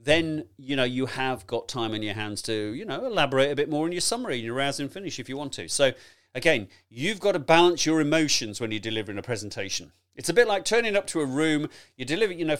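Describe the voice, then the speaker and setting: Lively, animated male presentation coach. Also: mid-range voice. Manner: animated, chatty, laughs often, direct address. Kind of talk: conversational teaching talk.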